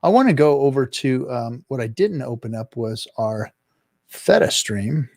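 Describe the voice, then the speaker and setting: Casting: male stream host, mid pitch, halting rambly delivery, dry close sound. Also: animated, darkish tone, no room sound. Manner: rambling, halting, many restarts. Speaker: podcast host. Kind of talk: casual live-stream chat.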